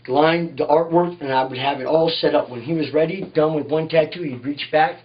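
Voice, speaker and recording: A man's voice: fairly high pitch, a little fast. Man, tattoo artist, rambling and profane, casual interview, recorded from a distance, dull muffled sound. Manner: profane, rambling, says "you know what I mean" constantly.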